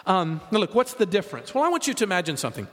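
A man preaching a sermon, emphatic and animated, asking the audience rhetorical questions. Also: high-pitched, racing. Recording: reverberant hall.

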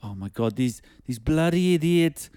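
Man doing a South African accent, irate tourist, high and sharp, clean and dry. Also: lively intonation, normal speed, smooth, no echo, close to an everyday voice. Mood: exasperated. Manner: exasperated, scolding.

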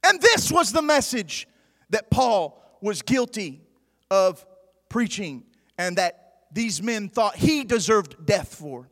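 Shouting high-pitched preacher in a hall. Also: male voice, sing-song, slow. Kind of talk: sermon. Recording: long hall reverb.

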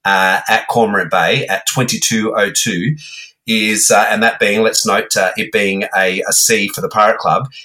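An Australian man co-hosting a podcast, talking casually and haltingly with many ums and restarts. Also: on the low side, fairly even intonation, pushed and bright. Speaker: guest co-host.

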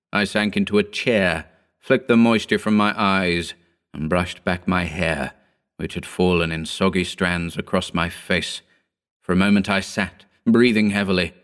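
A man reading a horror story aloud in scripted narration, measured and somber. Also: low-pitched, a bit bright. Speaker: audiobook narrator.

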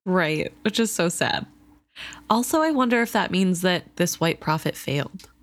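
A woman's voice: on the low side, lively intonation, moderate pace. A woman co-hosting a casual book discussion, speaking reflectively and tentatively.

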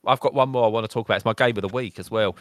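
A man's voice: mid-range voice, steady tone, very fast, fairly bright tone, clear, resonant tone, no room sound. A man co-hosting a gaming podcast, chatting casually with dry, self-mocking humour. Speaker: podcast co-host.

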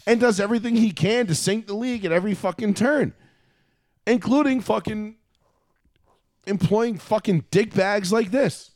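A man's voice: high voice, moderate pace, darkish tone, dry recording, studio quality. A man hosting a casual sports talk show, ranting with lots of swearing. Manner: profane, ranting, riffs into mock voices.

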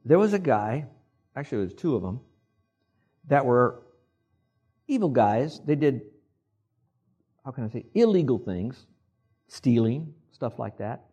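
A man preaches in a loose, conversational way and often draws his listeners in to repeat words after him. His voice is husky and sits at a middle pitch. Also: sing-song, unhurried, long pauses, dark tone, lo-fi sound. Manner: conversational preaching with audience call-and-response. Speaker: pastor. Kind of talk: sermon.

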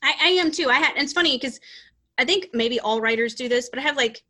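A psychic reader who hosts a podcast chats loosely about her life and readings, restarting again and again. She's a fast talker with a voice that sits high and has a sharp tone.

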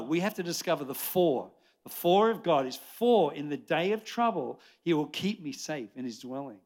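An Australian man in his sixties preaching a lively sermon to a church congregation, chatty and jokey, rambling with restarts. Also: fairly high pitch. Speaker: pastor. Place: church service before a congregation.

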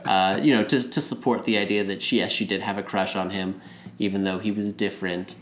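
A man's voice: fairly low pitch, steady tone, a little fast. A man casually recapping a movie in a rambling way, acting out the characters' lines as he goes. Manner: rambling, retells scenes with acted quotes. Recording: roomy room with faint noise.

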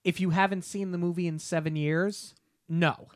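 A man co-hosting a podcast, building up a story slowly with playful disbelief. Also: high voice, fairly even intonation, smooth, no echo, studio quality. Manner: slow, deliberate build-ups with playful disbelief. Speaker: podcast co-host. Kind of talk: casual podcast chat. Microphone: podcast microphone.

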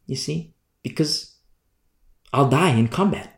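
A man delivers a sermon as pastor, his voice sitting a little above the usual male range. He drives each point home by repeating it, dipping quiet and then building back up. The recording carries a roomy echo. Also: on the high side, expressive, slow pace, vocal fry. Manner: emphatic, repetitive preaching with sharp swings in loudness. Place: church room.

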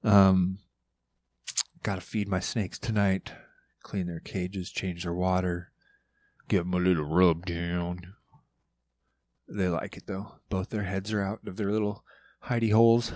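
A man talking casually on a podcast, loud, rambling and full of swearing. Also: sits low, flat delivery, measured pace, long pauses, no room sound. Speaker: podcast guest. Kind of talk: casual monologue.

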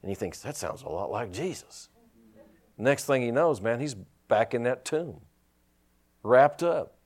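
A male pastor preaching a sermon, telling stories and rising into shouted praise. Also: mid-range voice, animated, measured pace.

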